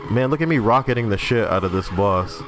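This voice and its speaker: A young man streaming a game, rambling casually, swearing, and laughing at his own jokes while reading chat. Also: fairly high pitch. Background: music.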